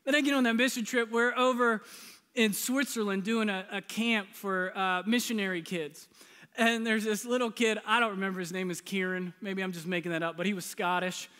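Man, middle-aged pastor, high voice, bright tone, joking and self-deprecating, long church reverb. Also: steady tone, moderate pace, clear, resonant tone. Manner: humorous, self-deprecating, laughs often. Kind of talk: storytelling sermon. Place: large church sanctuary.

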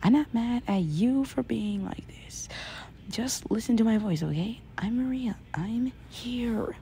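A woman voicing a gentle, loving young girl in a fan audio drama, speaking softly and often in a whisper. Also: very high-pitched, wildly swooping pitch, slow pace, slight background noise, pitched above the performer's own voice, full character voice. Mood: soothing. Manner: soft, often whispered, pleading.

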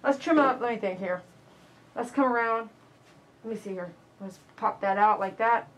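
Working in her grooming salon, a woman dog groomer talks casually to her live-stream audience in a slightly high voice at a moderate pace. She's lively and talkative, doing loud impressions of callers.

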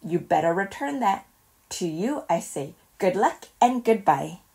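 A woman voicing a boastful male squirrel who talks quickly and chirpily in a children's storybook. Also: mid-range voice, expressive, vocal fry, a little mellow, breathy edge, exaggerated voice. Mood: hasty. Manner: rapid, chirpy and pleased with himself.

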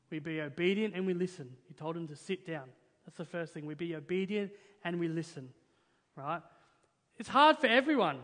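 High-voiced young pastor preaching. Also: male voice, a bit bright. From Australia. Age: young adult. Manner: earnest and emphatic, often adds "right?". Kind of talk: sermon. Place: church hall, in front of a congregation. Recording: reverberant church hall.

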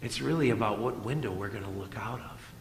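A middle-aged man preaching a sermon as pastor, moving between loud emphatic lines and soft hushed ones. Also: lowish voice, a little fast, slight background noise. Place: church sanctuary. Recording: echoey church hall.

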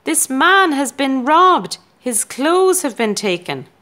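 A woman voicing a clever scheming male cat in a storybook, shouting in alarm. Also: lowish voice, sing-song, slow pace, exaggerated voice.

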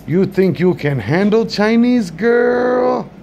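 A man putting on a slow, high-pitched pushy restaurant host. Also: lively intonation, warm tone, highs cut off, slight background noise, heavily acted. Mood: teasing. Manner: slow, clipped broken phrases.

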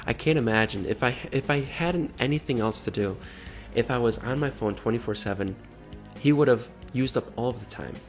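A man's voice: mid-range voice, brisk, soft background music. A man vlogging in casual commentary, sarcastic, mocking and exasperated.

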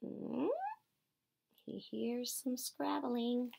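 A woman teacher reading a picture book aloud to children and asking them questions in an expressive storytelling manner. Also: a little high, extremely slow, vocal fry.

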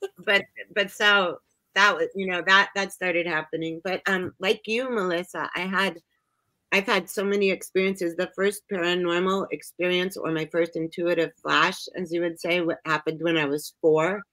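A woman from upstate New York telling personal stories as a guest in a casual chat, animated and acting out the voices she quotes. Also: fairly low pitch, moderate pace, rough recording. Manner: animated, acts out quoted voices, laughs often.

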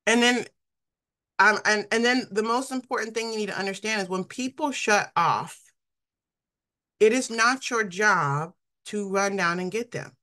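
A woman's voice: mid-range voice, measured pace, pushed and bright. A middle-aged woman giving an informal, conversational sermon, often laughing and acting out the people she quotes. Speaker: preacher.

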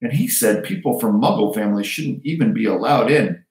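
A man's voice: on the low side, animated, brisk, a little mellow, recorded from a distance, lightly acted. A man voicing an earnest young orphan wizard boy. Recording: roomy echo.

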